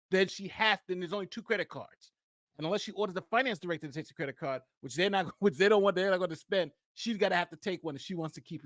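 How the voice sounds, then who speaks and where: Male livestream host, quick, bright and high-ish, snarky running commentary, dry close sound. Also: no room sound. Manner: rapid, mocking play-by-play. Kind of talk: live commentary.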